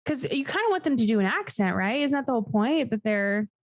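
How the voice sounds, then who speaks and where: A woman's voice: fairly high pitch, very animated, quick pace, no room sound, clean studio sound. A woman co-hosting a casual podcast chat, blunt and incredulous, swearing freely as she reacts. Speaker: podcast co-host.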